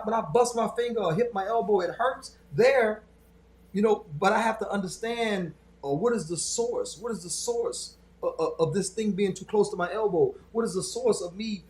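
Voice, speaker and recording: A man hosting a casual discussion, talking in an animated, joking way with many restarts. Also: high voice, reverberant. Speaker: podcast host.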